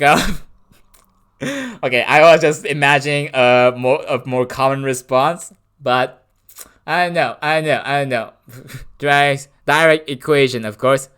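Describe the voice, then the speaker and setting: Bright playful male streamer. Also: on the high side. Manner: playful, rambling, laughs often. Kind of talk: casual live-stream chat.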